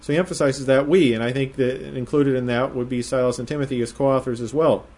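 Steady and darkish in tone, a mid-range male voice explains the Bible one verse at a time. He keeps a measured delivery and slows down whenever he stresses a quoted phrase.

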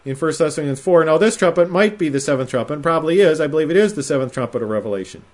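A man giving verse-by-verse Bible teaching in a measured, explanatory way, slowing down to stress quoted phrases. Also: fairly high pitch, lively intonation, a little mellow.

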